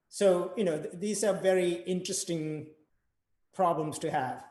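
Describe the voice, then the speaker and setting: Guy teaching rhythm online, chanting takadimi patterns, kinda higher voice, echoey room. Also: steady tone, normal speed, noisy background. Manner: chants rhythm syllables to demonstrate. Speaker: percussion teacher.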